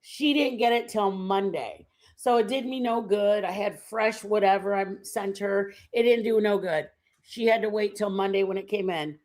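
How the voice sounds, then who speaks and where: A woman's voice: medium pitch, moderate pace, darkish tone. A middle-aged woman hosting a casual livestream, telling rambling home stories with lots of fillers. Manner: rambling, chatty storytelling with many fillers. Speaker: livestream host. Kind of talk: casual chat.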